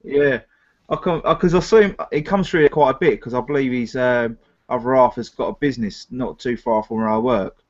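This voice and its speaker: A man's voice: medium pitch, a little fast. A man co-hosting a casual live-stream chat, rambling and retelling stories with many restarts. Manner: chatty, rambling with restarts and retold dialogue. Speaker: co-host of a film review live chat. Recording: muffled lo-fi live stream audio.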